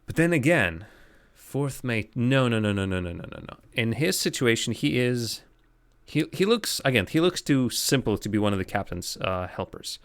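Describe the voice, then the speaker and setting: A man's voice: mid-range voice, sing-song, normal speed. Rambling man streaming a game. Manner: thinks aloud, rambling with restarts. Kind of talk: casual live-stream commentary.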